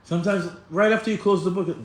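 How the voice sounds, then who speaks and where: Animated man giving a Torah class. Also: fairly high pitch, moderate pace, noisy background. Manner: animated, acts out quoted voices, many restarts. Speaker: Torah teacher. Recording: echoey room with faint ambience.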